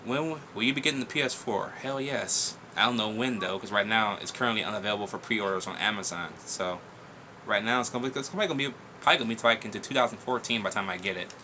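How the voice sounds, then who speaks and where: A young man hosting a casual viewer Q&A vlog, blunt, profane and excitable as he reads and answers questions. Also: lowish voice, a little hiss or hum.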